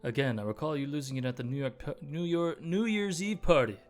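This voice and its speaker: A man's voice: fairly high pitch, fairly quick, faint music behind, natural voice. A man voicing a fussy, eager bird assistant.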